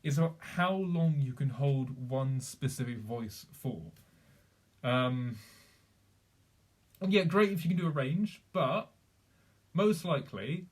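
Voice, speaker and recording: A man's voice: medium pitch, animated, takes it slowly, pauses often, husky. A young man chatting casually on a live stream, rambling with many fillers and restarts.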